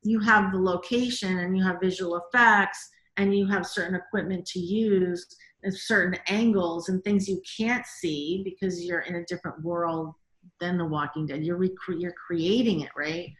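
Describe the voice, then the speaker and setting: Animated woman guest director, bright-toned, chatty, roomy sound. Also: lowish voice. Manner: animated, quick, many "like"s and quoted reactions. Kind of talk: casual interview storytelling.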